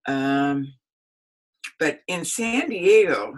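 A woman's voice: sits low, lively intonation, extremely slow, low-quality recording. An older woman, a historian and author, recalling stories in a rambling, anecdotal interview with frequent laughter. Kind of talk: casual spoken recollection.

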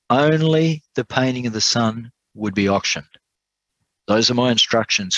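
A man's voice: medium pitch, a bit bright, dry recording, voice pushed up, close to an everyday voice, low-quality recording. A man voicing a persistent male auctioneer who keeps repeating his call for bids. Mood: solemn.

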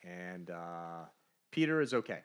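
A man's voice: low-pitched, a little slow, clear, resonant tone. A man co-hosting a podcast, recapping a comic book in casual chat, briefly putting on the characters' voices as he tells it. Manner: animated storyteller, briefly voicing characters. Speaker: podcast co-host.

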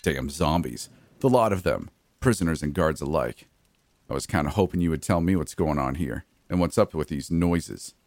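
A man's voice: very deep voice, expressive, moderate pace, a little mellow, no room sound. A man doing a sneering, hostile male inmate. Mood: contemptuous. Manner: insulting, contemptuous.

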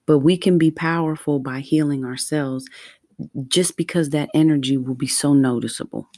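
A woman in her forties talking earnestly and slowly in a heartfelt personal monologue. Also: sits low, steady tone, dark tone, no room sound. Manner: earnest, heartfelt, slow and deliberate. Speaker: vlogger.

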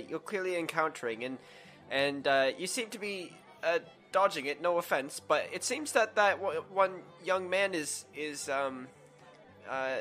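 A man's voice: sits high, sharp tone. A man playing a tabletop game, overly polite and stumbling over his words. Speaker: player.

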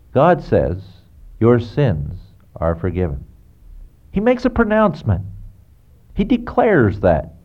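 Earnest preacher man, lo-fi recording. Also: on the low side. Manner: earnest, direct address to the listener with rhetorical questions. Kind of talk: sermon-style biblical counsel. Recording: dull lo-fi recording.

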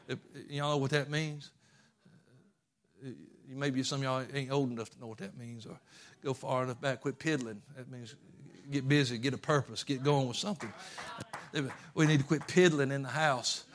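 A man pastor preaching a fervent sermon, moving from quiet asides to shouting. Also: mid-range voice, steady tone, moderate pace. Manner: fervent, swings from hushed to shouting.

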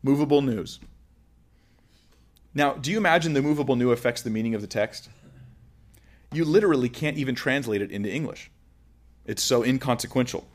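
A man's voice: mid-range voice, fairly quick, pauses often. A man giving an informal lecture, explaining with everyday examples in a conversational way. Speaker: teacher.

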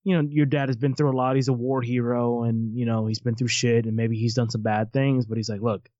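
A man co-hosting a casual movie watch-along, animated and swearing casually, quick to laugh. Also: mid-range voice, dry recording, dull audio. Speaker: podcast co-host.

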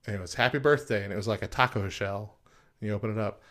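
A man co-hosting a relaxed talk show, full of jokes and quick laughs. He spins funny stories in an easygoing, casual way. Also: on the low side. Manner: joking, laughs often. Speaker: co-host. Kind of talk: casual chat.

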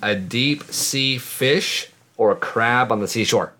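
A man's voice: medium pitch, slow pace, a crowd in the background. A man, a father co-hosting a casual family chat, playful and jokey, often laughing as he talks. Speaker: father and podcast co-host. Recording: noisy home recording.

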